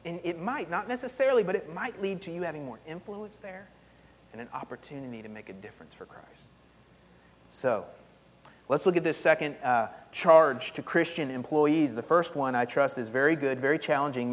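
Animated male preacher in a reverberant hall. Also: a little high. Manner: animated storytelling, casual with frequent "like". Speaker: pastor. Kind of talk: sermon.

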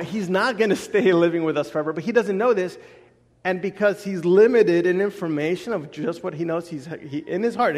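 Animated preacher man in a reverberant hall. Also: on the high side. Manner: animated storytelling, acts out quotes. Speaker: pastor. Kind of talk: sermon.

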